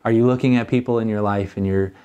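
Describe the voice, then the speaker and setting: A man's voice: lowish voice, fairly even intonation, quick pace, warm tone, smooth, lo-fi sound. A middle-aged man preaching a sermon as a pastor, in an earnest, conversational way.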